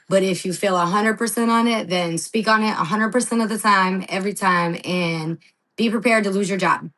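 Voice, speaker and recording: A woman with a slightly low voice, guesting on a podcast. She tells her stories with energy, jumping into playful voices when she quotes people, laughing now and then and swearing without a care. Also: low-quality recording. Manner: lively storyteller, acts out quotes, laughs, swears. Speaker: wrestling guest. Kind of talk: casual podcast interview.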